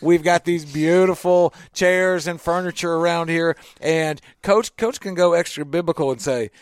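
A man's voice: fairly high pitch, normal speed, smooth, no echo. A man from Tennessee hosting a casual radio talk show, upbeat and jokey, laughing often, recorded with a studio microphone in a small office. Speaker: radio show host and guest speaker.

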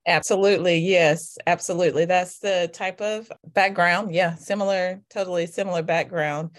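Soft-spoken woman, lowish voice. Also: steady tone, moderate pace. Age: adult with children. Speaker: guest, author. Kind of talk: reflective faith conversation.

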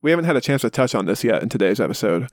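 A man hosting a casual movie podcast in a relaxed, easygoing way. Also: medium pitch, rapid-fire, no echo, studio quality. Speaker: podcast host.

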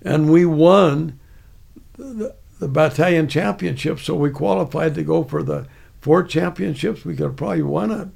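Gravelly older man telling stories. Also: fairly high pitch, normal speed, a little mellow. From United States. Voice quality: gravelly, raspy. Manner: rambling, many restarts. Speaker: guest, army veteran. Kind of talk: casual storytelling.

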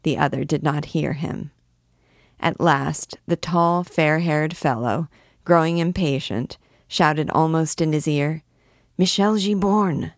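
Low-voiced woman reading a classic novel. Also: steady tone, slow, no echo, studio quality. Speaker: audiobook narrator. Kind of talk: scripted narration of a classic novel.

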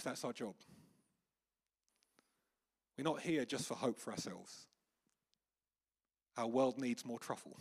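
A man preaching a sermon in church, telling stories with animated quoted voices. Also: medium pitch. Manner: anecdotal storytelling with lively acted quotes. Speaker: pastor. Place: church hall with congregation.

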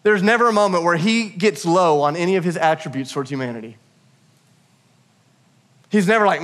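A man in his thirties preaching a lively, humorous sermon to his congregation, calling on them to answer. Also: high voice, a little fast, long pauses. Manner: energetic, humorous, calls out to the congregation. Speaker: pastor.

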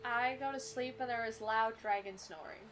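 A woman's voice: on the high side, normal speed, background noise. A woman playing a tabletop game, speaking in a laid-back, blunt way. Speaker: player. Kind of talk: casual tabletop play.

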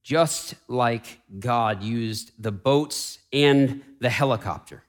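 A man preaching a Sunday sermon in a church sanctuary, shifting between raised, urgent declarations and hushed, pleading passages. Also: medium pitch, takes it slowly, hardly any pauses. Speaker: pastor.

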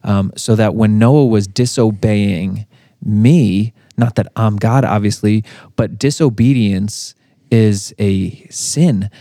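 A man in his thirties co-hosting a faith podcast, telling a family story in a relaxed way with fillers and laughs. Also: fairly low pitch, takes it slowly, dry recording, clean studio sound. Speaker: podcast co-host. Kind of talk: casual faith podcast chat.

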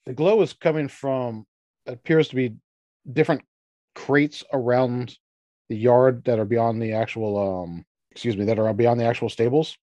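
A man in the game master's seat, describing the scene in a casual, wandering way. His voice sits at an ordinary middle pitch and is recorded close and dry, with no room sound. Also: steady tone, normal speed, dark tone, no echo. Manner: loose, rambling with frequent fillers. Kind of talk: narrating a tabletop game.

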